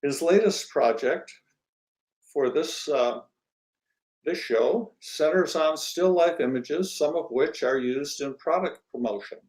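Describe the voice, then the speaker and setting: A man hosting an interview show, who speaks in a friendly, unhurried way with hesitant fillers. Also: on the high side, darkish tone, low-quality recording. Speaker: host.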